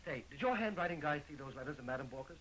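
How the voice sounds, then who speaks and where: On an old 1920s film soundtrack with poor audio and a little hiss or hum, an actor plays a lovesick young man joking his way through an amateur murder investigation. His voice is slightly high, expressive, and a bit bright, delivering fast, eager, joking patter.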